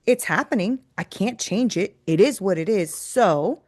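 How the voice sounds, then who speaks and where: A woman, a faith coach and podcast guest, telling stories in an emphatic, preachy way. She keeps adding "right?" and acts out quoted voices with big jumps in pitch. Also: expressive, measured pace, darkish tone, no echo, studio quality. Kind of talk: storytelling faith talk.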